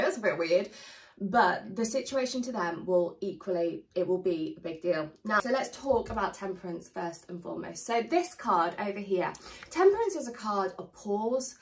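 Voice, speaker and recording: A woman's voice: medium pitch, moderate pace, distant mic, rough recording. Chatty woman tarot reader, voice slightly off-mic. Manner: chatty, animated, warmly addresses viewers. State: slightly losing her voice. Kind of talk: casual tarot reading to camera.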